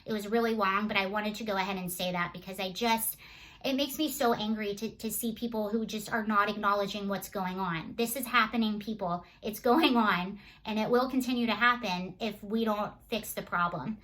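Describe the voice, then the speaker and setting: A woman's voice: medium pitch, fairly even intonation, normal speed, fairly bright tone, low-quality recording. Indignant woman firing off rhetorical questions. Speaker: political commentator. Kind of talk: opinion vlog monologue.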